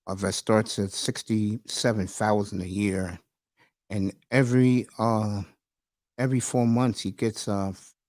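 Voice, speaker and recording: A man's voice: on the low side, fairly even intonation, measured pace, darkish tone, no room sound, studio quality. A man hosting a casual live stream, rambling and emotional, calling his listeners bro and folks. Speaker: livestream host. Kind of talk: casual livestream chat.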